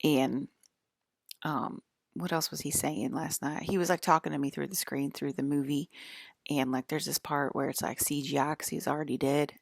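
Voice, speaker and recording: A woman in her forties with a low, gravelly voice, drifting through a loose monologue at home. She talks in a rambling, filler-heavy way and keeps checking in with "okay?". The sound is dry and close, with no room around it. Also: no room sound. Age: 40s. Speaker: channel host.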